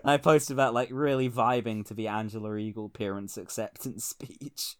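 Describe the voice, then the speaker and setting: A man's voice: fairly low pitch, steady tone, moderate pace, smooth. A man co-hosting a casual political podcast, wry and rambling, often laughing at his own jokes. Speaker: podcast co-host.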